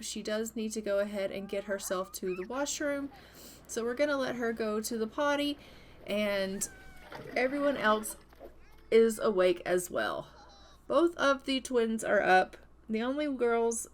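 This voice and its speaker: A woman casually narrating her gameplay of a family life sim in a chatty, relaxed way. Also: fairly high pitch, a little hiss or hum. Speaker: gaming channel host.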